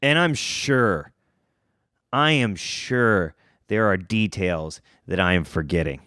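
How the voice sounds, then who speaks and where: A male podcast host tells an embarrassing story in a loose, self-mocking way. His voice swings widely in pitch and he speaks at an unhurried pace. The sound is dry and close, with no room echo. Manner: animated, self-mocking, jumps up in pitch for emphasis. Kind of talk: casual storytelling.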